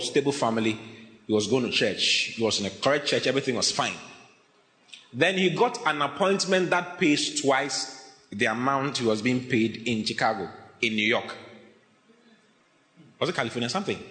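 A man preaching a sermon as pastor, animated and laughing often, acting out the voices of people he quotes. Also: mid-range voice. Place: church hall. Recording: echoey hall reverb.

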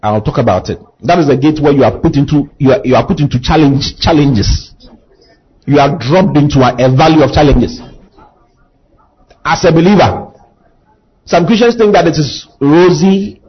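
A man's voice: on the high side, normal speed, pauses often, husky, muffled recording. A male pastor preaching a sermon, asking the congregation to repeat after him and building to impassioned emphasis. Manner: call-and-response preaching, rising to impassioned emphasis.

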